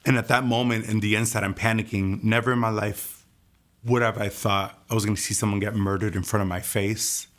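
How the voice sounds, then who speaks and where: A man telling his personal testimony in an earnest, soft-spoken way. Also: on the low side, fairly even intonation, brisk. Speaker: testimony speaker.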